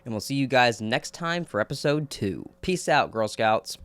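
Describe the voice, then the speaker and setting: A man giving a casual spoiler review of a TV episode, excitable, swearing a lot and laughing often. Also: medium pitch, moderate pace.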